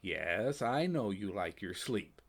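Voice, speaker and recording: A man voicing a weary, cranky old male custodian who talks in a calm, dry, mumbling way. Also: lowish voice, takes it slowly, full character voice.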